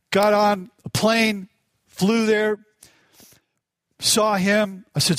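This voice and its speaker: Preaching in a conversational, self-deprecating way, a middle-aged male pastor tells an emotional personal story during his sermon. His voice is high-pitched, and he speaks slowly with long pauses. The recording is dry.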